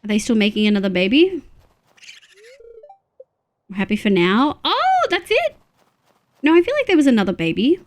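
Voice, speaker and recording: A young woman from Australia streaming a farming game, chatting casually, gasping with excitement and counting items aloud. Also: on the high side, normal speed, pauses often. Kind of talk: casual gameplay chat.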